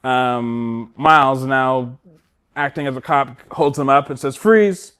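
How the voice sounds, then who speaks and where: A man's voice: mid-range voice, measured pace, clean tone. A man co-hosting a podcast, recapping a film in casual chat and acting out the characters' lines as he goes. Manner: animated storytelling, acting out characters' lines with laughs. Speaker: podcast co-host.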